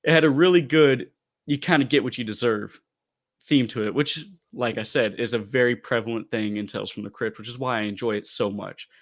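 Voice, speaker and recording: A man's voice: mid-range voice, a little fast. Man animatedly retelling a comic plot. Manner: animated storytelling, retelling a plot with loose asides. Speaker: podcast co-host reviewing comics. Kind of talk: casual podcast chat.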